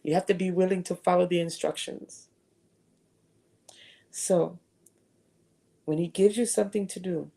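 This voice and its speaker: Earnest woman, mellow devotional talk. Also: on the low side, gravelly. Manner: earnest, conversational testimony. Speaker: retreat speaker.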